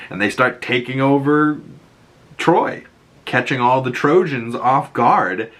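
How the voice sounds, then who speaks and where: Brief: male video reviewer, chatty, loose recap, bright tone, mid pitch. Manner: rambling, animated retelling with filler words. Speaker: YouTube reviewer. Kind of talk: casual episode recap.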